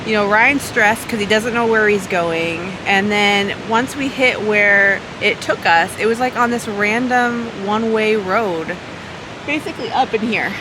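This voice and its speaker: A woman's voice: mid-range voice, a little slow, noisy background. A woman vlogging outdoors by the ocean, holding the camera herself and telling a story in a chatty, exasperated way. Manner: chatty, animated, exasperated retelling. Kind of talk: casual vlog storytelling to camera. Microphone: handheld camera mic.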